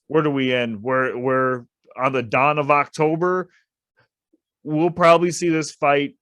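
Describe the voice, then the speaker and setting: An opinionated man co-hosting a casual sports podcast, making his case with firm emphasis. His voice sits at an ordinary middle pitch. It is recorded close and dry, with no room sound. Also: fairly bright tone, no room sound. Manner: opinionated, emphatic, repeats points. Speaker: podcast co-host. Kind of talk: casual boxing talk.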